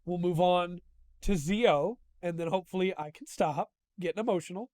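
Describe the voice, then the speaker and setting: A man with a high, smooth voice talks through a show he loves, gushing and getting openly emotional as he retells it. The sound is dry and close, with no room around it. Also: normal speed, a little mellow, dry recording. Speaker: host. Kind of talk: casual review monologue.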